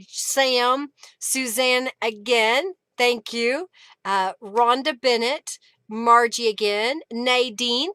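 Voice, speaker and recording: A woman's voice: fairly high pitch, sharp tone, smooth, no echo. A woman with an Oklahoma accent hosting a live crafting stream, chatting with viewers and thanking them by name. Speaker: craft livestream host. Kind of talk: casual live-stream chat.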